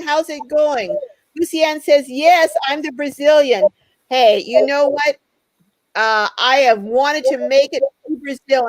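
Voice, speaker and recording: A chatty woman with a high voice hosts a live stream, reading viewer comments aloud and greeting each person by name. Her voice sounds dry and close, with little room echo.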